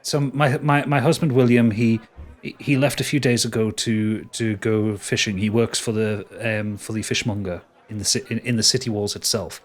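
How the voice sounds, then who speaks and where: A man's voice: lowish voice, steady tone, moderate pace, close to an everyday voice. A man voicing a tired, worried middle-aged fishwife who speaks hesitantly and apologetically.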